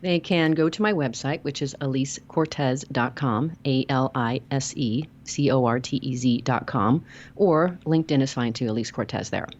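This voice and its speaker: Brief: earnest woman interview guest, deep voice, emphatic, dull lo-fi audio. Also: moderate pace, darkish tone, a little hiss or hum. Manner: earnest, emphatic, repeats words when starting a sentence. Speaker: podcast guest, author; radio show host and logotherapist. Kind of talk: casual interview chat.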